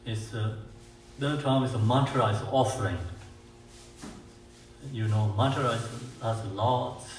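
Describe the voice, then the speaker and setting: A man with as his language gives a dharma teaching as a Buddhist teacher. He talks haltingly, with many fillers and restarts, and slows down to chant mantras. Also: medium pitch, fairly even intonation. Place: meditation centre hall. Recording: echoey room, mic far off, faint hiss.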